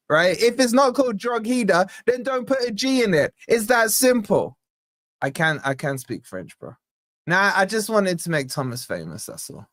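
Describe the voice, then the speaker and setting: A man's voice: high-pitched, a bit bright, dry recording, clean studio sound. A young man hosting a live football watch-along, bantering with the chat and reading out donation messages in a jokey way. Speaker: fan channel host.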